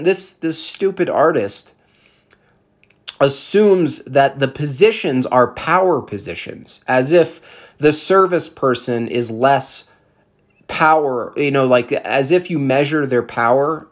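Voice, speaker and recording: A vlog commentator ranting about photographs in a heated, sarcastic way, with many fillers. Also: medium pitch.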